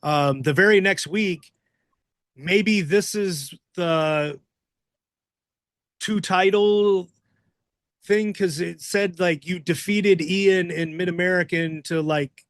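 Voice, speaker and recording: A man's voice: sits high, takes it slowly, pauses often, no room sound, studio quality. A man hosting a casual podcast interview, asking loose questions with fillers and restarts. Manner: relaxed, asks questions with many fillers and restarts. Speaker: podcast host.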